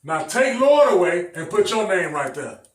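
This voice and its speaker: High-voiced preacher man in an echoey room. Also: big pitch swings, normal speed. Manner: emphatic, repetitive, addresses the congregation directly. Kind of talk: sermon Bible teaching. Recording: echoey room, mic at a distance.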